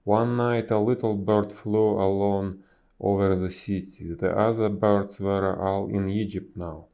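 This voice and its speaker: Slow low-voiced man reading a story. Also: steady tone, mellow. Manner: slow careful reading with small slips.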